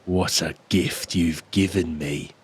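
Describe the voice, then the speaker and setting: A man voicing a crude, threatening male wolfman in a game, speaking slowly with a gruff growl. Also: low voice, fairly even intonation, a little hiss or hum, pitched below the performer's own voice. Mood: menacing.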